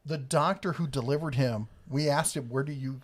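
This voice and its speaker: A man's voice: mid-range voice, moderate pace. A middle-aged man co-hosting a casual livestream from home, telling family stories and reading viewer comments with frequent chuckles. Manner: storytelling, chuckles often. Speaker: livestream co-host.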